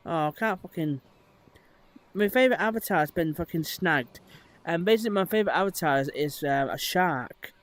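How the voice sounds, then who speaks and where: A man's voice: fairly high pitch, normal speed. A man chatting casually to his viewers while exploring in a VR headset, rambling with lots of fillers. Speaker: streamer. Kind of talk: casual live-stream chat.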